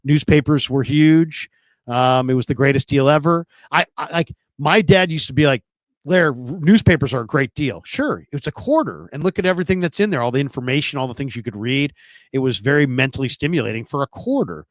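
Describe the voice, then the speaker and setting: A man in his fifties, a radio veteran, talking casually and hesitantly with many pauses. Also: mid-range voice, dry recording. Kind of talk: casual talk show chat.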